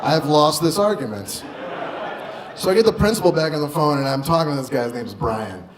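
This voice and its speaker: Guy doing standup, kinda high voice, echoey club mic with crowd noise behind. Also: very animated, fast. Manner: loud, punchy delivery with profanity and acted-out quotes. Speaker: stand-up comedian. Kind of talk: stand-up storytelling. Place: comedy club stage. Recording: roomy club sound with audience noise.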